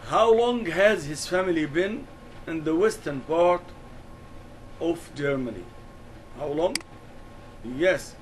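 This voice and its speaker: Slow, deliberate male English teacher. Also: a little high, animated, a little hiss or hum, poor audio. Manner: slow, deliberate, repeats key words. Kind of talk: classroom lesson explanation.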